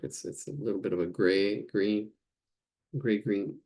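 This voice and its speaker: A man's voice: fairly low pitch, fairly even intonation, unhurried, vocal fry, dark tone. A man teaching a live painting class, thinking aloud as he works and searching for words. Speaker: art instructor.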